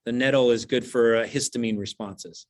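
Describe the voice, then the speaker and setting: A man who teaches qigong, giving relaxed, explanatory advice on a video call and thinking aloud as he goes. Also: mid-range voice, moderate pace.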